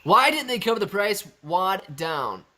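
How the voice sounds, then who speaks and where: A young man hosting a live stock-market Q&A stream, chatty and energetic as he reads viewer messages aloud. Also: high-pitched, unhurried. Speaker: livestream host.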